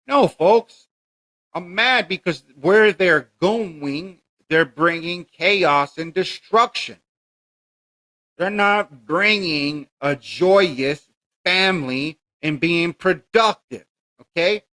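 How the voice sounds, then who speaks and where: A man's voice: high voice, slow, bright, forceful tone. A man hosting a podcast monologue, preachy and indignant, firing rhetorical questions at his listeners. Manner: preachy and emphatic, keeps addressing listeners as folks. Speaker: podcast host.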